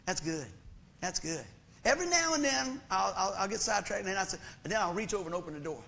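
A man's voice: high voice, expressive, fast, creaky, pushed and bright. A middle-aged preacher man, preaching a sermon in a folksy, conversational storytelling way.

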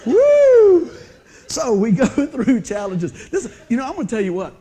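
A man preaching a humorous storytelling sermon in a church, animated and laughing often, breaking into excited whoops. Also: sits high, normal speed. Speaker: pastor. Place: church sanctuary before a congregation.

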